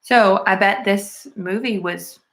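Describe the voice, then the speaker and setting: A woman's voice: medium pitch, takes it slowly, a bit bright. A woman recapping a film in a casual, chatty way, full of "like" and "um", earnest about the story. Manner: chatty, lots of "like" and "um" fillers. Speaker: movie reviewer. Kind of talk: casual plot retelling.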